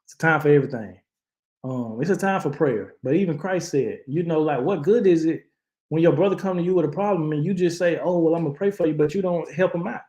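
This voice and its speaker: A man's voice: on the high side, brisk, a little mellow, roomy sound. Impassioned man ranting on a livestream. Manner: impassioned, preachy, many restarts. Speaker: channel host reacting to news. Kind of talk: casual commentary, live-stream style.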